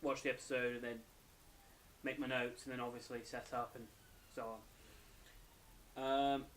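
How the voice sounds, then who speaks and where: Tired young man, casual anime review, rambling, restarts his sentences, mid pitch. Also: flat delivery, moderate pace, fairly bright tone, slight background noise. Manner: rambling, self-correcting. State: tired, yawning.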